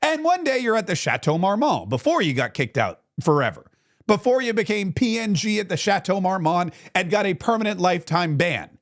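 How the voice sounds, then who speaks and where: A male talk show host delivering a sarcastic political commentary monologue, acting out little scenes as he goes. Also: high voice.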